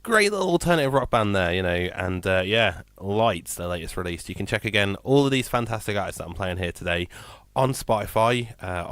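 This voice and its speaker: A man's voice: on the low side, a bit bright, no echo. A male radio DJ with an English accent, talking in a chatty, rambling, informal way between songs. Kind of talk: unscripted radio chat. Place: radio studio. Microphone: studio microphone.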